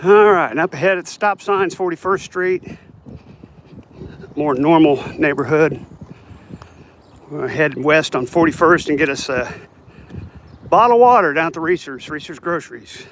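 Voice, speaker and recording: A man's voice: a little high, normal speed, long pauses, fairly bright tone. Chatty tired man walking outdoors. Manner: rambling, chatty, talks to viewers while walking. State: tired, yawning. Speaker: vlogger. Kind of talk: casual walking vlog. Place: outdoors on a residential street. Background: passing cars and traffic.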